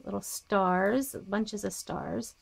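A woman's voice: mid-range voice, slow pace, gravelly. A woman showing paper crafting supplies in a casual haul video, naming each piece and gushing over how cute they are. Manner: reads items aloud, gushing softly. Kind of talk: casual show-and-tell haul.

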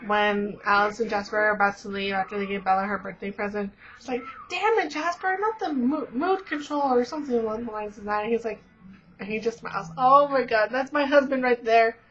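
A woman's voice: medium pitch, little pitch movement, fast, fairly bright tone, slight background noise. A teenage girl vlogger rambling in casual chat, gushing with lots of fillers. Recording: dull lo-fi webcam audio.

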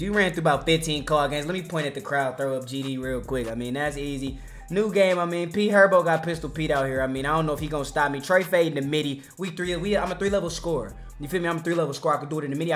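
Hyped young man commentating a basketball game. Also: a little high. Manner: hyped slangy trash talk, sings and shouts over play. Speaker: gaming YouTuber.

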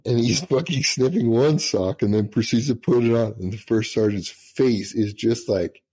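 A man's voice: medium pitch, normal speed, dark tone, slightly rough. A middle-aged man, a retired senior master sergeant, telling profane, laughing anecdotes in casual storytelling.

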